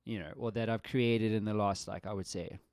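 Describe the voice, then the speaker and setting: A man's voice: fairly low pitch, fairly even intonation, brisk, a little mellow, no echo, clean studio sound. A man hosting a casual podcast chat with friends, talking reflectively with restarts. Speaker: podcast host.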